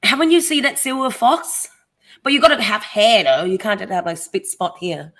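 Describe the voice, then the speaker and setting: A woman's voice: medium pitch, normal speed, fairly bright tone. Tired, teasing Thai woman. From Thailand. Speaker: guest answering viewer questions. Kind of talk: casual live Q&A chat.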